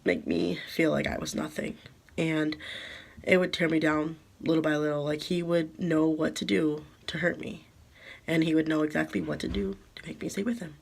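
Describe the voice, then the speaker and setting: A young woman telling a painful personal story to camera, halting with many fillers and holding back tears. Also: deep voice, steady tone, gravelly. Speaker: vlogger. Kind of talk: storytime vlog.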